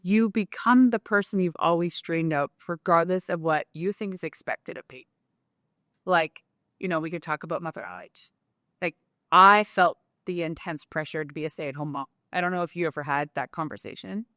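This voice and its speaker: A woman guest on an interview show, talking in a casual, animated way with lots of "like" fillers. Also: fairly low pitch, moderate pace, no room sound, studio quality. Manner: animated, talkative, many "like" fillers. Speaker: guest entrepreneur.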